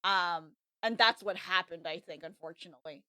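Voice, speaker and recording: A woman's voice: lowish voice, moderate pace, no room sound. Woman, podcast co-host, casual rambling chat, lots of "like", dry close mic. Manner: rambling, filler-heavy, animated. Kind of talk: casual chat about anime.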